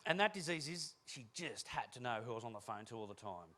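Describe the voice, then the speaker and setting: A man giving a humorous keynote talk on stage, telling energetic, joking stories to an audience. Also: medium pitch, quick pace. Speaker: keynote speaker.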